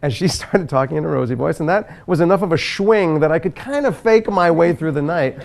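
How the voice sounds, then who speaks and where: Gravelly man telling a funny story. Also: on the high side, a little fast. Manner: animated storyteller, laughs mid-sentence. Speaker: celebrity game show contestant. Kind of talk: comic anecdote telling.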